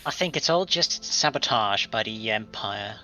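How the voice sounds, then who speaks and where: Bright-voiced man teasing on a game call. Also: fairly low pitch, animated, a little slow, soft background music, poor audio. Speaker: player in a multiplayer game session. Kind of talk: casual group chat over voice call.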